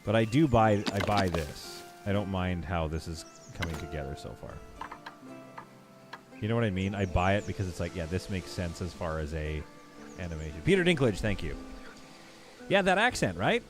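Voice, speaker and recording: Lively low-voiced man streaming a game. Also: normal speed. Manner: chatty, bantering with chat, thinks aloud with restarts. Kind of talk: casual live-stream commentary while playing. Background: background game music.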